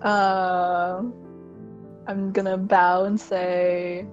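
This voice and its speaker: A woman playing a tabletop role-playing game, speaking in a slow, playful way. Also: lowish voice, little pitch movement, highs cut off, faint music behind. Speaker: player. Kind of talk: tabletop play.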